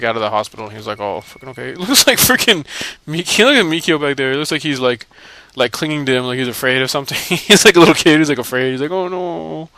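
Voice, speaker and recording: Swearing freely, a man laughs his way through a let's-play, mocking the game's characters as he comments casually. His voice is medium in pitch, bright and forceful.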